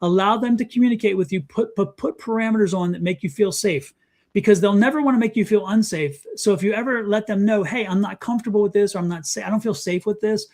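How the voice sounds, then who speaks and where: A middle-aged man, a psychic guest, giving an emphatic, animated reading and advice on a talk show. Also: sits high, quick pace. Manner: animated, emphatic, repeats commands.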